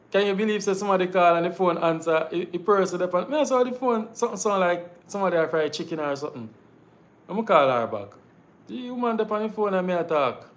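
Animated Jamaican man hosting a live stream. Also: sits high, fairly quick. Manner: animated storytelling in patois, addresses viewers as guys. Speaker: live show host. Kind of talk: casual live-stream chat.

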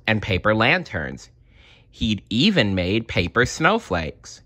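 A man's voice: fairly low pitch, measured pace, dry recording. A man reading a children's picture book aloud, adding short asides for listeners. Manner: animated, adds short asides. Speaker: storyteller.

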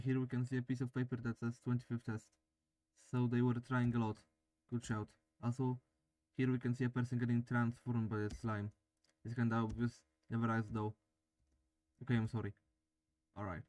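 A man's voice: mid-range voice, little pitch movement, a little fast, darkish tone. Man reading game text aloud. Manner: reads game text aloud and jokes with himself. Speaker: let's play gamer.

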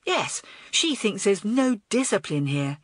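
A woman's voice: medium pitch, big pitch swings, unhurried, no room sound, clean studio sound. A woman voicing a bold, hot-tempered schoolgirl who speaks in an outspoken, indignant way.

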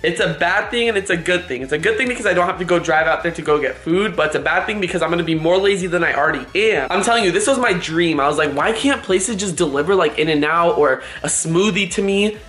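A young man with a Californian accent vlogging casually, excitable and full of "like". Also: high-pitched, fast, hardly any pauses, reverberant, soft background music. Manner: excitable, says "like" a lot, gets scared and loud. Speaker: YouTube vlogger. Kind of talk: casual vlog talk. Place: room at home.

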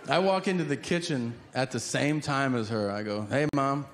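A man's voice: medium pitch, expressive, moderate pace, slight background noise. A man performing stand-up comedy, telling stories in a dry, conversational way. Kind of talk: stand-up set. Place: comedy stage. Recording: hall reverb with audible ambience.

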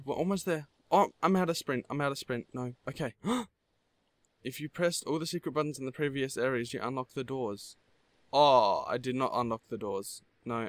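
A man's voice: mid-range voice, a bit bright, no room sound. A teenage boy with an Australian accent, giving jittery, gasping commentary on a horror game and repeating his phrases. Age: teens. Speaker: gaming YouTuber.

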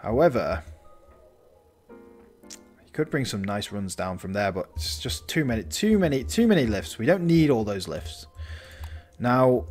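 A man's voice: medium pitch, sing-song, a little slow, long pauses, darkish tone, soft background music. A man talking through a building game in casual let's-play commentary, thinking aloud and restarting his sentences. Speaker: gaming channel host.

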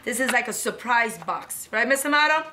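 A woman's voice: on the high side, lively intonation, moderate pace, bright, forceful tone, a little hiss or hum. A woman teaching a preschool lesson to young children, in a cheerful sing-song way.

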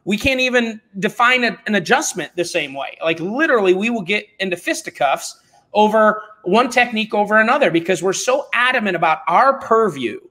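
High-voiced, emphatic middle-aged man. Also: brisk. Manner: emphatic, animated, blunt and informal. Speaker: podcast guest. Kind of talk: casual conversational storytelling.

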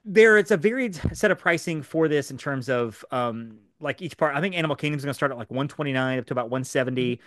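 A man co-hosting a podcast in a studio, explaining things in a fast, animated way with lots of fillers. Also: medium pitch, no room sound. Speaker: podcast co-host. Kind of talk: casual podcast chat.

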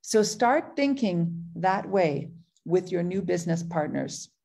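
A woman's voice: lowish voice, lively intonation, slow pace, creaky, a little mellow, breathy edge. A middle-aged woman giving a motivational business training talk, enthusiastic and repeating phrases for emphasis. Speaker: network marketing trainer.

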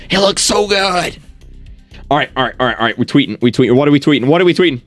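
Overjoyed young man, squeaky and animated. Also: fast talker, no room sound, faint music behind. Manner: overjoyed, keeps repeating the same exclamations. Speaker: streamer. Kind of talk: live gaming stream reaction.

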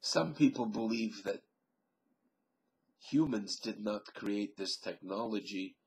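Slow, gravelly man musing to a webcam. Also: on the low side. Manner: slow, musing, thinks aloud with many pauses and fillers. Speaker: vlogger. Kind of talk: rambling solo webcam monologue.

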